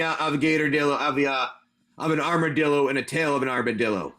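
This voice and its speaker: A man's voice: on the high side, fast, fairly bright tone. A man improvising tabletop game narration on a live stream as game master. He rambles and corrects himself as he goes. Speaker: game master and livestream seller.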